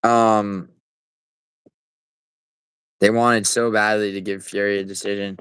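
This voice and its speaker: Streamer guy, lowish smooth voice, casual rambling chat with chat callouts, salty language. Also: flat delivery, slow pace, a bit bright, dry recording, low-quality recording. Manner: rambling, many fillers and restarts, swearing; talks back to chat viewers. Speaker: livestream host. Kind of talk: casual livestream chat, reading chat.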